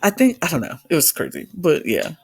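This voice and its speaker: Gravelly, animated woman podcast co-host. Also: sits low, a little fast, no echo. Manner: emphatic, animated, heated. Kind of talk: casual reality-TV recap chat.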